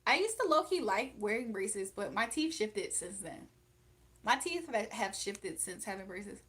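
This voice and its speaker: A woman's voice: medium pitch, big pitch swings, a little slow, a bit bright. Blunt, outspoken woman streamer. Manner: blunt and outspoken, laughs often. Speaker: livestream host reading chat. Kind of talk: casual live chat.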